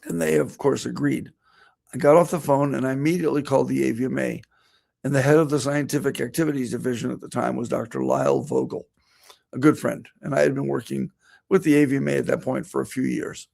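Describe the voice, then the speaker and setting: Middle-aged male vet with a heavily gravelly, mid-pitched voice, relaying a personal story in a speech. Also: quick pace, darkish tone. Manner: storytelling, quoting himself and others. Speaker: veterinarian giving a talk.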